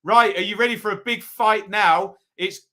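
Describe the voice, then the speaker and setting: A man's voice: sits high, normal speed, pushed and bright, faint music behind. A man hosting a casual live football review, chatting with viewers and reading out their votes with frequent ums. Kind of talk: casual live-stream commentary.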